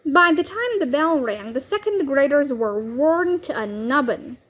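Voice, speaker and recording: High-voiced woman reading a children's book. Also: animated, measured pace, a bit bright. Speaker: read-aloud channel host. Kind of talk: children's storybook read-aloud.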